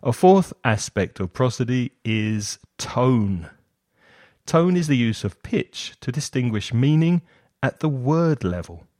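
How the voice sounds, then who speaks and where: A man giving a scripted explanatory lesson, setting out terms one by one in a measured way. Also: mid-range voice, darkish tone, dry recording, studio quality. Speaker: lecturer.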